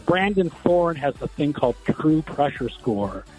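A man speaking as a guest football analyst in a radio interview, explaining calmly with light fillers. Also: on the high side, unhurried, low-quality recording. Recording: radio clip with faint music.

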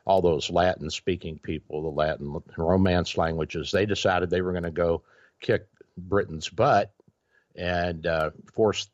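A deep-voiced man hosts a casual radio talk show and rambles through long stories, full of fillers and restarts. The sound is dry and a little dull, like lo-fi radio. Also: steady tone, measured pace, no room sound. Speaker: radio show host, doctor.

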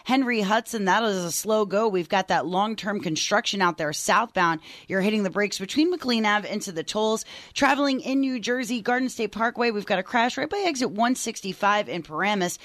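A woman giving a brisk, matter-of-fact traffic and weather report on the radio. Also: medium pitch, animated, fairly bright tone, no room sound. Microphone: studio mic.

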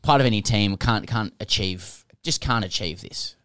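Low-voiced man thinking aloud. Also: fairly bright tone, smooth, no room sound, studio quality. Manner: thinks aloud with halting restarts. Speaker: podcast co-host. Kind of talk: casual comedy podcast chat.

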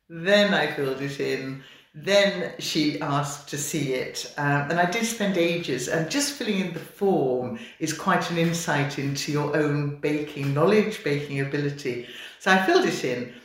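A woman's voice: low voice, unhurried. An older woman, a retired midwife, eagerly telling her story as an interview guest and laughing often. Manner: gushing, warm-hearted, laughs often. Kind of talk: enthusiastic conversational storytelling. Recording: very echoey room.

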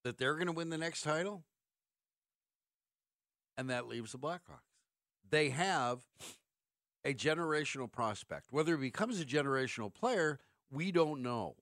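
A man's voice: fairly high pitch, expressive, unhurried, pauses often, fairly bright tone, dry recording, clean studio sound. A middle-aged man hosting sports talk radio, ranting sarcastically and firing off rhetorical questions.

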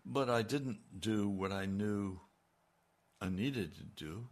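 Older male preacher, low husky gravelly voice, slow deliberate delivery, emphatic. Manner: slow and emphatic, rising in intensity when quoting God. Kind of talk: sermon.

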